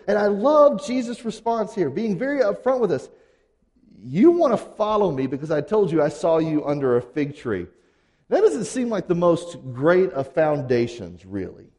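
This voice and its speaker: Male pastor, high lively voice, mellow tone, casual sermon style, long hall reverb. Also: normal speed. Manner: conversational, animated, acts out quotes casually.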